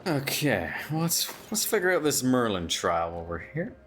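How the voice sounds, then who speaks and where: A man's voice: mid-range voice, very animated, moderate pace, a bit bright, faint music behind. A man streaming a video game, joking and self-mocking with drowsy asides. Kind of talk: casual game commentary.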